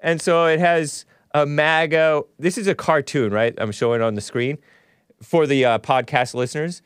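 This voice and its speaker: A man's voice: a little high, steady tone, normal speed, clean tone, no room sound. Male solo podcast host, combative sarcastic ranter who stumbles and restarts, dry. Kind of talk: solo political commentary.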